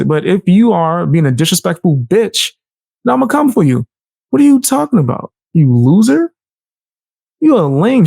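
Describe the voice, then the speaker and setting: A man's voice: sits high, gravelly, a little mellow, no room sound, studio quality. A man streaming live, reacting to a video with profane, mocking commentary. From United States.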